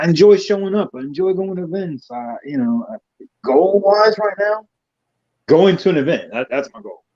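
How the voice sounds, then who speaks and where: A man's voice: medium pitch, husky. Blunt, swearing Southern man, lo-fi. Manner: profane, blunt and animated. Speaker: guest knight. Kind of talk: casual chat. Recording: dull lo-fi sound.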